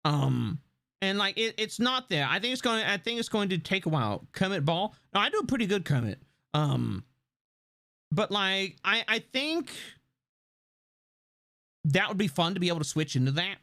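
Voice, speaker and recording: Gravelly, theatrical male streamer. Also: big pitch swings, normal speed, long pauses, dry recording, clean studio sound. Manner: theatrical, swoops between a bright stream voice and a low gravelly one. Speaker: live streamer. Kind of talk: casual live-stream chat answering chat.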